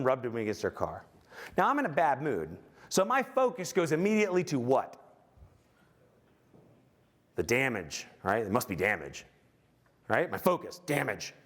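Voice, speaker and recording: Animated man giving a keynote. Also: mid-range voice. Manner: animated storytelling with audience questions; self-mocking, acts out his own anger. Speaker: keynote speaker. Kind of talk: motivational keynote talk.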